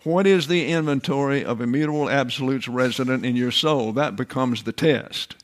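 An older man giving a classroom-style Bible sermon, deliberate and emphatic, repeating his key phrases. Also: medium pitch. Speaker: Bible teacher.

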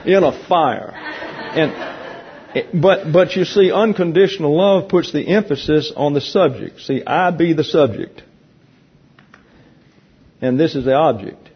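A man leading a Bible class, teaching in a teasing, conversational way and explaining points slowly to a room of listeners. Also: fairly high pitch. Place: church classroom with an audience. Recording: dull lo-fi recording.

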